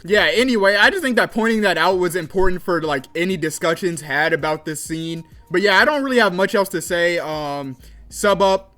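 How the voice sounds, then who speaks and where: A man's voice: high-pitched, normal speed, pushed and bright, soft background music. A young man narrating a casual gaming commentary video essay, with frequent fillers like "like" and "kinda". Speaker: gaming content creator.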